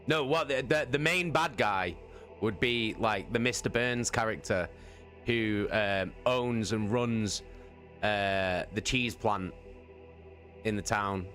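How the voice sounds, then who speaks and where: A man's voice: fairly low pitch, takes it slowly, a bit bright, faint music behind. A man rambling jokily and swearing as a streamer chats on a live stream. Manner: rambling, jokey, swears a lot. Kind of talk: casual live-stream chat.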